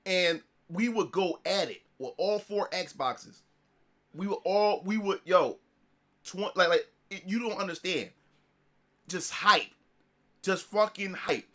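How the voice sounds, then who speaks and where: A man telling a story to his livestream audience in a casual, animated way, swearing often and restarting his sentences. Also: high voice, slow pace. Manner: animated, profane, full of restarts. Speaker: streamer.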